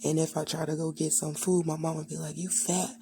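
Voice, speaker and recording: A woman's voice: low voice, completely flat delivery, fast, warm tone. A young adult woman candidly telling a personal childhood story, rambling and full of fillers. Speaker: vlogger.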